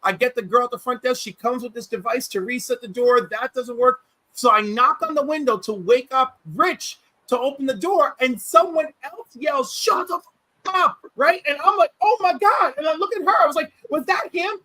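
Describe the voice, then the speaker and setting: A man hosting a livestream, telling stories in a casual, animated way and acting out quotes. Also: extremely high pitch, a little fast, dry recording, poor audio. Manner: animated, acts out quotes, many restarts. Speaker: livestream host. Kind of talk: casual storytelling chat.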